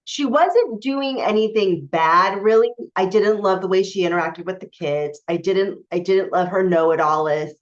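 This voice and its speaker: Speaking at a moderate pace with few pauses, this woman has a mid-range voice. As a spiritual coach, she shares a personal story to camera, frank and forceful, full of fillers and restarts, captured on a dull lo-fi recording.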